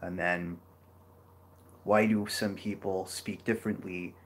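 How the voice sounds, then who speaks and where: Deep-voiced man rambling through a lecture. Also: flat delivery, takes it slowly, slight background noise. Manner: rambling, many "you know" fillers and restarts. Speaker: geography educator. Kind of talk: casual map lecture.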